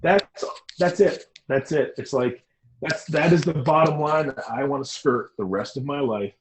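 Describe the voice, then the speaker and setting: Animated, rambling middle-aged man. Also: medium pitch, normal speed, slight background noise, poor audio. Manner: animated, rambling, emphatic storyteller. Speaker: interview guest, designer. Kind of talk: casual interview talk.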